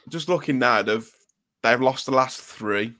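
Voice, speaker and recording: A man's voice: medium pitch, slow, bright, forceful tone. A man hosting a casual football podcast, chatting and reeling off player names. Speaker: podcast host.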